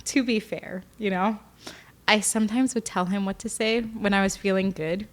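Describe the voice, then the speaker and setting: A woman's voice: medium pitch, fairly even intonation, moderate pace. A young woman speaking candidly as a podcast guest, often emotional and tearful, with many fillers. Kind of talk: candid personal interview.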